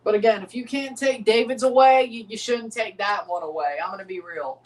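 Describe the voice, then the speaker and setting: A man with a fairly high voice talks loosely through a live match watchalong. He answers his chat, circles back to the same points and repeats himself, and he sits a little back from the mic. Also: fairly quick, distant mic. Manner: chatty, repeats phrases, answers chat viewers. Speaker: livestream host reacting to a match. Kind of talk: casual live watchalong commentary.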